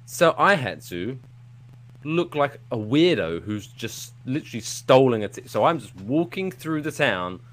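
A man hosting a live podcast, telling a rambling story in a playful, animated way, throwing in silly sound effects. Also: medium pitch, measured pace. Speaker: podcast host. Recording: live show with audience.

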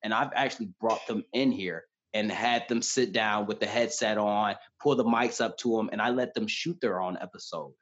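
Earnest man, low voice, lo-fi audio. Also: normal speed, few pauses, a bit bright, slight background noise. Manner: earnest, emotional storytelling. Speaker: podcast guest. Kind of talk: candid conversation.

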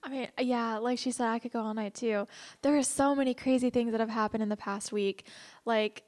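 A woman leading a church class, telling a lively story with frequent laughs and then praying aloud. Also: on the high side, fairly quick. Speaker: class leader. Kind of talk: church class talk and prayer.

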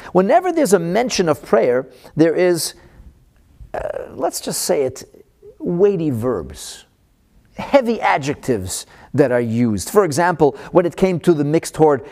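Man teaching a Torah lesson, a little higher than most men, with a very lively pitch that swoops up when he stresses a verse. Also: creaky. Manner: animated, slows down to stress Hebrew verses.

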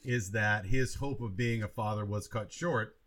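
A man co-hosting a podcast, thinking out loud about a film with many restarts and asides. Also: lowish voice, unhurried. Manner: reflective, rambling with many restarts. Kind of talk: casual movie review chat.

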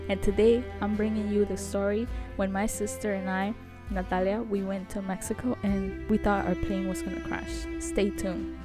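A young woman hosting a vlog, telling a story in a chatty, animated way with lots of fillers. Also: medium pitch, moderate pace, over music. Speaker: vlog host.

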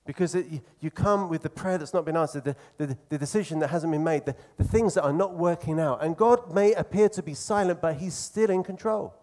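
A man preaching a sermon in an earnest, conversational way, slowing down to stress key phrases. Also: fairly high pitch, a little mellow.

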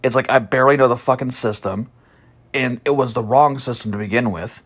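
A man telling a story about a past job as a podcast host, blunt and profane, starting slow and soft, then growing loud and heated. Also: mid-range voice. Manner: slow and soft at first, growing louder and animated. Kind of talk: casual storytelling monologue.

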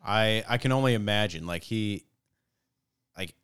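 Male podcast host, dry jokey asides, clean resonant voice, lowish pitch. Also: measured pace, a bit bright, clear, resonant tone, dry recording. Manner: wry, joking asides; swears freely. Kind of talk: casual chat.

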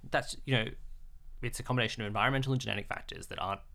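A man co-hosting a podcast in casual chat, animated and quick with asides. His voice is bright and edged with gravelly fry. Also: medium pitch. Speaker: podcast co-host.

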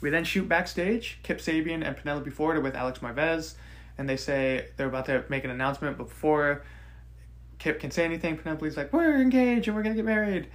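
A man's voice: on the high side, steady tone, brisk, a bit bright. A man co-hosting a podcast, recapping and rating a wrestling show in casual, joking chat. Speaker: podcast co-host.

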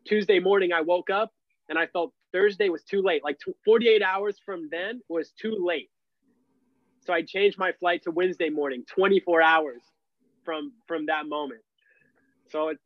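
A man's voice: high voice, no echo. Young man telling a story, lots of "like". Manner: animated, heavy use of "like" fillers. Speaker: podcast guest. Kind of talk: casual storytelling. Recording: dull, lo-fi and dry.

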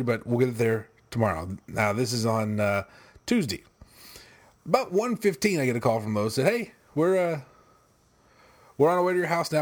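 A man casually telling a story to his regular viewers, exasperated and wry, with some swearing. He laughs at his own bad luck and acts out the phone calls he quotes in a raised voice. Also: mid-range voice.

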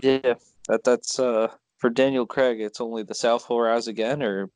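A man's voice: medium pitch, steady tone, normal speed, darkish tone, no room sound. A man co-hosting a movie review chat, his voice recorded dry and close with no room sound. He tends to answer in short, wry lines. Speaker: podcast co-host.

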